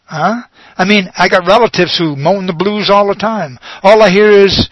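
High-pitched guy preaching slow, drawn out and emphatic, dry close sound. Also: a bit bright, no echo, low-quality recording. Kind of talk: sermon.

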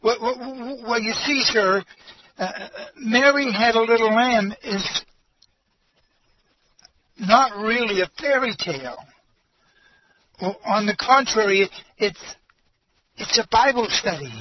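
A man's voice: high-pitched, animated, measured pace, dull audio, slight background noise. A man voicing a nervous, flustered woman who teaches Sunday school, stammering and pleading in a raised voice.

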